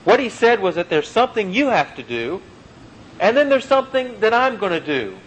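A man preaching with a fairly high voice, pressing hard on his key phrases and letting them sink slow and low. He weaves folksy personal stories into the sermon, and a faint hum of noise sits underneath. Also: big pitch swings, poor audio. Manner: emphatic, slows and drops low on key phrases, folksy anecdotes.

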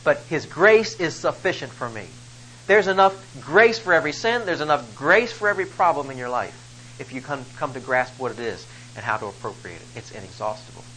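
A man's voice: a little high, fairly bright tone, low-quality recording. A man preaching a sermon, reading scripture and explaining it with rising emphasis on key phrases. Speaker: pastor.

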